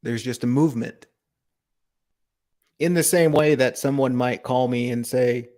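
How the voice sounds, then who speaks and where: A man giving a calm, reflective spiritual talk on a live broadcast, asking gentle rhetorical questions. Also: mid-range voice, unhurried, pauses often. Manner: calm, contemplative, asks rhetorical questions, laughs softly.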